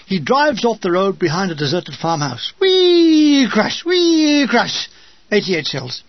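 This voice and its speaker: A man's voice: high voice, measured pace, breathy edge, no room sound. Wry man reading a memoir. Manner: wry, deadpan humor with acted asides. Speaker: memoir narrator. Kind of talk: comic wartime memoir reading. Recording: dull lo-fi dry recording.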